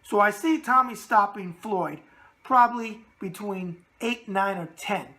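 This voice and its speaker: A raspy-voiced man with a New York accent runs a boxing mailbag show. He talks in a brash, streetwise way and keeps coming back to his catchphrases. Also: sits high, measured pace, sharp tone. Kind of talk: casual boxing mailbag talk.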